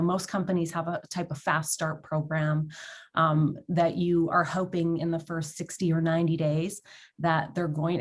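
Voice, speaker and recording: A woman on a business panel, speaking in an earnest, measured way with frequent fillers. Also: low-pitched. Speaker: panelist, direct sales executive. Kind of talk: panel discussion.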